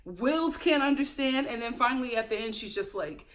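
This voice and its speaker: A woman hosting a casual reality TV recap, talking in an animated, gossipy way and mimicking the cast. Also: a little high, normal speed. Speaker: show recap host.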